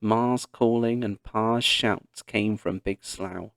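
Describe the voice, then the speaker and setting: A man narrating a children's historical story in a deliberate read-along style. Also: lowish voice, fairly even intonation, a bit bright, clean tone, no echo, clean studio sound. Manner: slow, deliberate reading.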